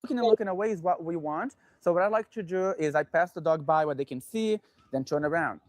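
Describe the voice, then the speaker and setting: A man working as a dog trainer, calmly explaining his method and giving short commands to a dog. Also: on the high side, quick pace, no room sound. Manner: calm, instructive, gives short commands to a dog.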